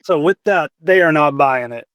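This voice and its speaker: A man's voice: a little high, normal speed, a bit bright, dull audio, slight background noise. A man narrating and ruling as game master of a tabletop role-playing game, matter-of-fact.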